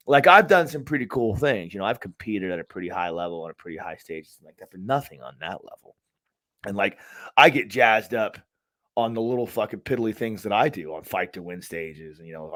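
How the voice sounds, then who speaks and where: A man's fairly low, fairly bright voice comes through with no echo as he co-hosts a podcast. The chat is casual and wandering, laced with swearing and lots of restarts.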